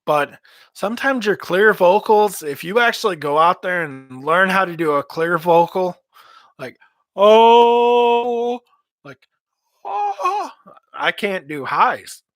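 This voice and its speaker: Slow, bright-voiced man giving vocal tips. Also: high voice, no echo. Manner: rambling, repeats words, demonstrates screams and growls. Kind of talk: casual advice talk.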